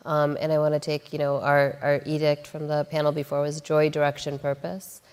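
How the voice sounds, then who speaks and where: A woman moderating a panel discussion who asks brisk, conversational follow-up questions. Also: sits low, monotone, darkish tone, clean tone. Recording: reverberant hall.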